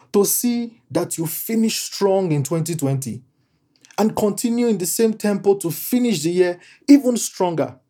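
A man preaching a sermon in a slow, deliberate way, leaning on repeated phrases for emphasis. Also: on the high side, dark tone.

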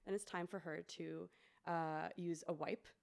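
A woman's voice: measured pace, creaky. A woman, a special education teacher co-hosting a podcast, telling classroom stories casually and acting out a child's lines. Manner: relaxed storyteller, acts out a child's lines in a high voice. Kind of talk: casual storytelling chat.

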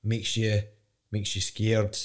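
Young Scottish fighter, lowish voice, frank and meandering in a sit-down interview. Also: male voice, monotone, slow pace. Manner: candid, rambling, swears casually. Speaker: professional fighter. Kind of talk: casual interview chat.

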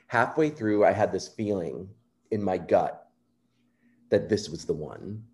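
A man being interviewed, telling a personal story in an earnest, animated way and acting out quoted remarks. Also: sits low, measured pace. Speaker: composer guest.

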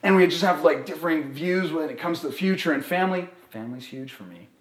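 A young man speaks in a casual live podcast chat and tells a personal story with animated energy. He keeps checking in with his listeners as he goes, and his voice rings in a roomy, echoing space. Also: on the high side, fast talker. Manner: animated storytelling, many "right?" tags. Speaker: therapist and podcast co-host. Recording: roomy echo.

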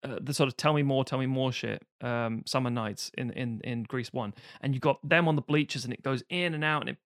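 A man's voice: mid-range voice, a little fast, dry recording, studio quality. A man co-hosting a casual film podcast, retelling scenes animatedly and swearing freely. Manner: animated storyteller who acts out scenes and swears. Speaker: podcast co-host. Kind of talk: casual film commentary chat.

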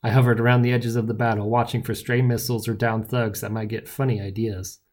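A man narrating a novel in the first person with wry, lively storytelling. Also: mid-range voice, quick pace. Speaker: audiobook narrator.

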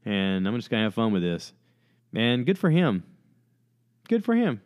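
A man's voice: lowish voice, very animated, moderate pace, clean tone, dry recording, studio quality. A man talking on his own in a rambling, chatty way and acting out quotes as he retells stories. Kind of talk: casual monologue.

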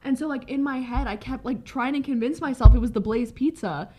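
A woman's voice: fairly high pitch, fairly quick, mellow. A young woman in a casual chat, rambling through a story with frequent swearing and laughter.

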